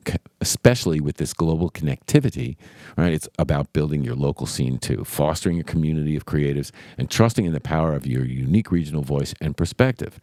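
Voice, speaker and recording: Very deep-voiced playful male co-host. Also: mellow, no echo, clean studio sound. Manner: playful, punning, emphatic. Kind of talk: casual music podcast chat.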